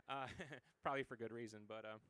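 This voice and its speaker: A man's voice: mid-range voice, normal speed, fairly bright tone, no room sound. A man in his forties from the United States, a musician telling stories as an interview guest, rambling with many fillers and acted quotes. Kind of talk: casual interview conversation.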